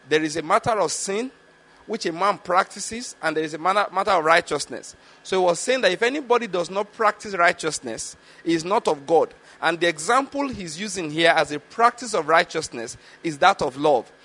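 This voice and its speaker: A man teaching from the Bible in a sermon, reading verses slowly and stopping to explain them and check that listeners follow. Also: sits high, expressive, a bit bright. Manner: slow, deliberate reading of scripture with explanatory asides; repeatedly checks understanding with the listeners. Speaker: preacher.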